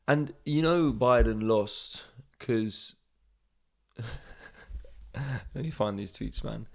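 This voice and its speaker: A man's voice: fairly low pitch, vocal fry. A man, a comedian and podcast host, rambling sarcastically through a comic monologue, often trailing off.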